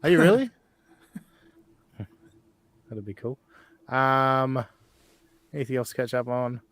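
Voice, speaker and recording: A man's voice: medium pitch, slow, a bit bright, dry recording. Man, podcast host, loose profane banter, dry close sound. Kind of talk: casual podcast chat.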